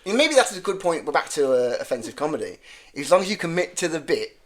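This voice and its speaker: Speaking fast with a fairly high, very animated voice, a guest comedian chats casually on a podcast in a strong Birmingham accent. He rambles, cracks jokes, and keeps correcting himself mid-sentence.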